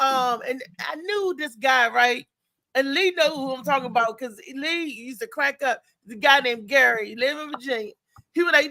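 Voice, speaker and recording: A woman hosting a casual live chat show, telling animated stories with quick laughs and playful imitations of other people. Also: high voice, vocal fry. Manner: animated storyteller, mimics voices, laughs often. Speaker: host.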